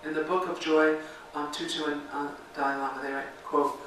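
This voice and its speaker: A woman's voice: low voice, level tone, moderate pace, a bit bright. A woman minister delivers a reflective sermon and guides a call-and-response meditation. Her voice rings through a very echoey sanctuary, picked up from a distance with a faint background hiss. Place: church sanctuary. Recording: very echoey sanctuary, mic far off.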